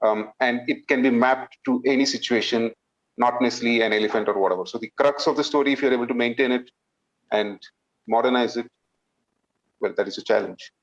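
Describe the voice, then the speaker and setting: A man's voice: medium pitch, steady tone, fairly quick. Man, improv host, storytelling with little voices, frequent check-ins, muffled live audio. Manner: storytelling with acted voices, checking in with "okay?" and "right?". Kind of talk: explaining an improv game to the audience.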